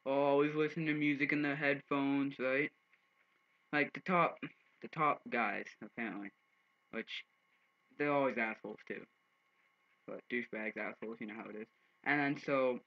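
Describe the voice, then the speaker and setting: A teenage boy rambles through a story to his webcam, loose and profane, full of fillers. His voice sits at an ordinary pitch for a young man. The audio is a little dull and lo-fi. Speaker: vlogger. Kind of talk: casual storytelling vlog.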